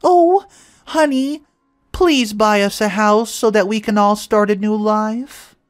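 A man voicing a middle-aged mother who begs in a sugary, high-pitched way. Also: slow, smooth. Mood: pleading.

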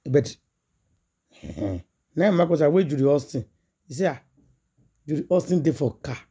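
Woman, Nigerian accent, gossip vlogger, husky, mellow tone, dramatic retelling with quoted voices. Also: deep voice, sing-song, moderate pace. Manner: acts out quoted dialogue in a chatty, dramatic way. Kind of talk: retelling a story in Pidgin English.

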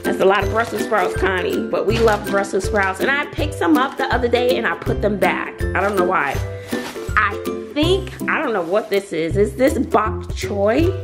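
A woman's voice: medium pitch, animated, normal speed, over music. Chatty Southern woman vlogging. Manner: chatty, laughing, talks straight to viewers. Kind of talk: casual chat to camera.

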